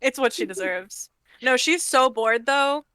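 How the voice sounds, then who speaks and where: A woman playing a tabletop game, relaxed as she describes her character's actions. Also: high-pitched, a little slow, clean tone, no echo. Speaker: player.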